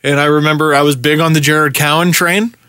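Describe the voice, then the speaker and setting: Animated, swearing man telling a story. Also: a little high, fairly quick, clean tone. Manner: animated, profane, acts out his own ranting. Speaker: podcast host. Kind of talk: casual storytelling chat.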